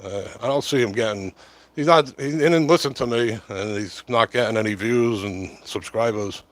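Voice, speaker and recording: A man's voice: mid-range voice, normal speed, dry recording. Rambling middle-aged man on a livestream. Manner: chatty, meandering, lots of fillers. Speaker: livestream host. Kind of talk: casual rambling livestream chat. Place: home, close to camera. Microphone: short-corded mic right at the camera.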